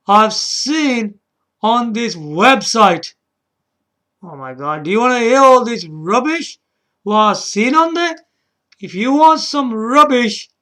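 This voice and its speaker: Slow-talking, rambling gaming host. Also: male voice, very high-pitched, bright, forceful tone. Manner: rambling, chatty, often asks the viewer "yeah?" and "man"; frequent restarts and chuckles. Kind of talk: casual rambling commentary.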